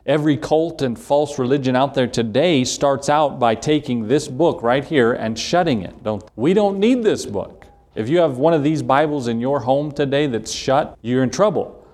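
A man's voice: medium pitch, moderate pace, few pauses, a little mellow. A middle-aged man, a pastor, preaching a sermon, telling folksy stories, reading Scripture aloud and repeating key phrases for emphasis.

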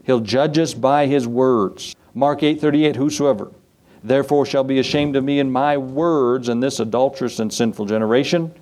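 A man's voice: mid-range voice, fairly even intonation, moderate pace, a little mellow. A man teaching a Bible study in a folksy way, reading scripture aloud and asking his listeners questions.

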